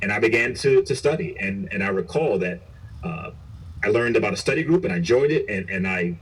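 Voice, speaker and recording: A man's voice: on the low side, lively intonation, fairly quick, slight background noise. A middle-aged man, a police chief, telling his story in an interview in an earnest, reflective way with frequent restarts. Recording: voice picked up from a distance.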